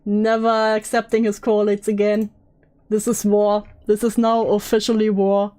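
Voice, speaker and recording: A woman hosting a stream, chatting casually and teasing her guest with deadpan jokes. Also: medium pitch, normal speed. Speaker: streamer host.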